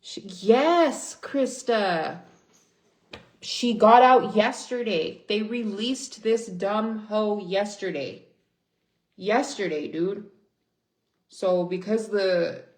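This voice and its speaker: This young livestream host speaks in a mid-range, darkish voice with reverb around it. Angry and cursing a lot, she vents while reading and responding to viewers in casual chat.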